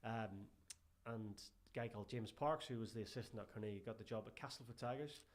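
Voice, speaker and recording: An Irish man, a strength and conditioning coach, telling lively anecdotes as a guest in a casual interview and often calling the host "mate". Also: fairly low pitch, fast. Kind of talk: casual podcast interview chat.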